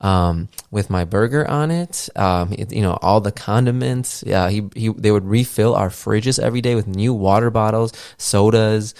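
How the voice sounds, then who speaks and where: A thirties man hosting a podcast rambles casually, using lots of fillers and swearing loosely. His lowish, darkish voice moves at a moderate pace with few pauses. The sound is dry and clean, studio-like, from a podcast mixer setup.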